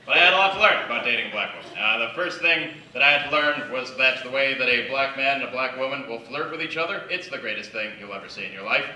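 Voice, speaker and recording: A man from the Yukon doing a conversational, self-deprecating stand-up set on a theatre stage, slipping into quick acted quotes. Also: medium pitch, bright, forceful tone, a little hiss or hum. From Yukon, Canada. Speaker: stand-up comedian. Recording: echoey theatre, mic at a distance.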